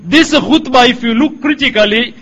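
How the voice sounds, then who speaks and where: A middle-aged man preaching a sermon in a measured, emphatic way, quoting Arabic passages. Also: extremely high pitch, a bit bright, slightly rough, lo-fi sound.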